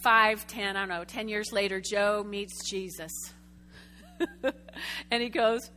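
Bright-voiced woman preaching, chatty. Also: mid-range voice, slow, long pauses, a little hiss or hum. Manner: lively storytelling, chatty asides to the congregation. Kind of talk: sermon. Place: church sanctuary before a congregation.

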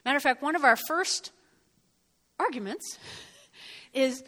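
Bright-voiced woman preaching in a hall. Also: high-pitched, measured pace. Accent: New Jersey. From North Jersey. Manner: animated, checks in with listeners often. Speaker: speaker. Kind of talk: sermon with personal storytelling.

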